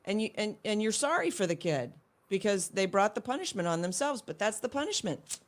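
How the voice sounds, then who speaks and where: An earnest middle-aged woman talking as an interview guest, with a voice of ordinary middle pitch. She tells her stories reflectively and often breaks off and restarts a sentence. Her tone stays conversational and sincere. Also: very animated, a little fast. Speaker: guest, homeschooling mother. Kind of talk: casual interview chat.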